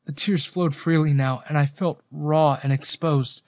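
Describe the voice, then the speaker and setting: A man's voice: a little high, fairly even intonation, unhurried, hardly any pauses, darkish tone, no room sound, studio quality. A man narrating a first-person romance story in an earnest, emotional manner.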